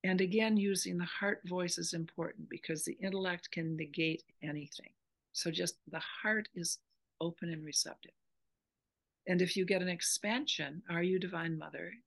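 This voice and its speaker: An earnest woman speaking as a spiritual teacher in an interview. Her voice sits a little low, and she explains a meditation practice step by step. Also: normal speed.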